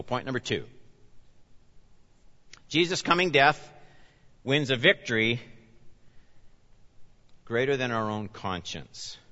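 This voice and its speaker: A man pastor preaching a sermon, with animated emphasis that rises and falls as he explains scripture. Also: mid-range voice. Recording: reverberant hall, dull lo-fi sound.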